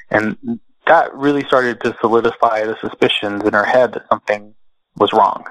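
Male guest, measured storyteller, dry close-miked sound. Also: on the low side, flat delivery, a bit bright, dry recording, poor audio. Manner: slow, measured, halting with fillers. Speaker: interview guest. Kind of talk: personal storytelling.

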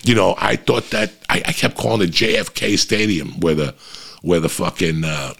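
A man's voice: sits low, fairly even intonation, normal speed, creaky, a bit bright. A middle-aged man hosting a podcast, telling a long, profane, rambling story in casual chat.

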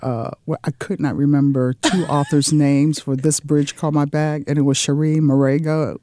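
A woman in her fifties, a guest in an interview, telling stories in a lively way and affirming the host. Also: deep voice, moderate pace, no echo. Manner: lively storytelling, affirming listener. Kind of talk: conversational interview.

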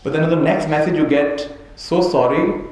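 Man, spiritual teacher, storytelling talk, chuckles a lot, slightly high voice, very echoey hall. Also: level tone, fast talker, darkish tone. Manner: chuckles often, checks in with "right?". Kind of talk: talk to a live audience with stories. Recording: very echoey hall, faint noise.

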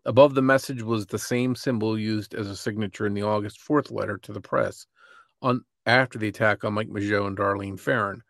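A man co-hosting a podcast, reading a true-crime script in a measured way. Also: on the low side, fairly even intonation, creaky, fairly bright tone, no room sound, studio quality. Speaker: podcast co-host.

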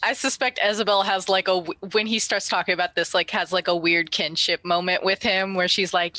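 Female player at a tabletop game, bright, dry close sound, chatty with a syrupy motherly edge. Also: on the low side, steady tone, fairly quick, hardly any pauses, dry recording. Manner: chatty, sweetly mock-motherly in character. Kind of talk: casual tabletop play.

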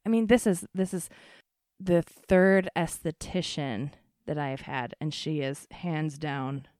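A woman hosting a podcast in casual chat, gushing and excitable, swearing freely and full of fillers. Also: low-pitched, unhurried, no room sound, studio quality.

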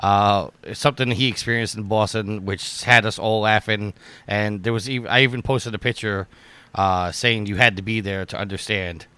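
A man's voice: fairly low pitch, fairly even intonation, moderate pace, sharp tone, clear, resonant tone, no echo. A man hosting a podcast, upbeat and steering the chat along. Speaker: podcast host. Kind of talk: casual chat.

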